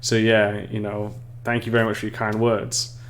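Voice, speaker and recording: A man's voice: fairly low pitch, completely flat delivery, normal speed, a bit bright, a little hiss or hum. An English man casually explaining game level design on a live stream, chatting with viewers and often restarting sentences. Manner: chatty, reads chat aloud, frequent restarts and laughs.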